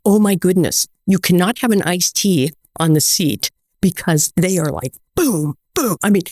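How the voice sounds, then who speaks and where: A woman's voice: on the low side, moderate pace, no echo. An American woman speaks as a guest in a casual interview, telling stories with lots of quoted back-and-forth. Her voice rises and falls often and sounds close and dry. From United States. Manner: animated, tells stories with quoted dialogue.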